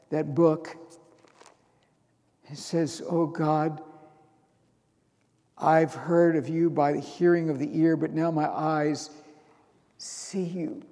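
High-voiced male preacher, big hall. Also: fairly even intonation, slow pace, long pauses. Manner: rising to loud emotional bursts reading scripture. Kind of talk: sermon.

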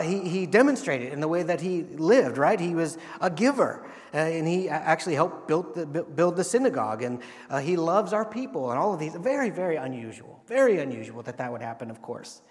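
A man preaching a sermon as pastor, talking in a conversational way and asking his listeners rhetorical questions. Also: a little high. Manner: conversational, asks rhetorical questions and acts out quotes. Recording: long reverb of a large hall.

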